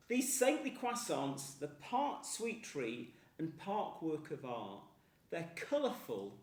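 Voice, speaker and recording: A man's voice: a little high, darkish tone, echoey room, distant mic. A man from England with a Northern English accent, chatting enthusiastically to camera in a casual food vlog. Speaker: food vlogger.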